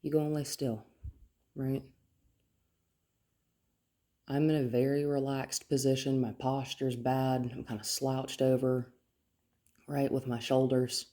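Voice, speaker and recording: Indoors in a house, a woman dog trainer demonstrates step by step, often checking in with "right?" Her voice is a rumbling low one, slow and full of long pauses, dropping to a soft whisper to calm the dog.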